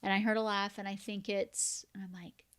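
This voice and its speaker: A woman co-hosting a podcast in casual chat, chatty, acting out quotes with big pitch jumps. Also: monotone, a little fast, fairly bright tone, smooth. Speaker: podcast co-host.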